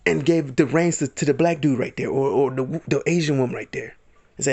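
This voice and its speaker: In his vlog, a man delivers indignant, heated ranting commentary and mimics other people's lines in mocking voices. He talks fairly quickly in a medium-pitched voice that is creaky and darkish in tone.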